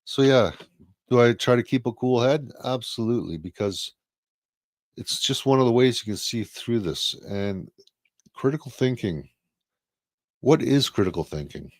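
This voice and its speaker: A man's voice: mid-range voice, lively intonation, normal speed, long pauses, dry recording, clean studio sound. A man co-hosting a casual live-stream talk show, blunt and profane, firing off rhetorical questions. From Canada.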